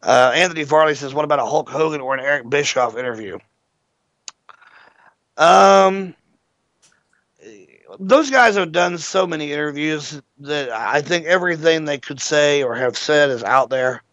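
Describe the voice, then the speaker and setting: A man's voice: on the high side, moderate pace, pauses often, no room sound. Profane man telling a story on radio. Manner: profane, animated anecdote teller. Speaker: internet radio show host. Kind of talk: casual storytelling chat. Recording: dull lo-fi internet radio audio.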